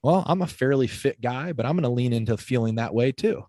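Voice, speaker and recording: A man's voice: mid-range voice, fairly quick, no echo. Upbeat man, dry close sound. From Illinois. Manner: energetic, enthusiastic, heavy use of "like", laughs often. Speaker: fitness coach, podcast guest. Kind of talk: casual podcast conversation.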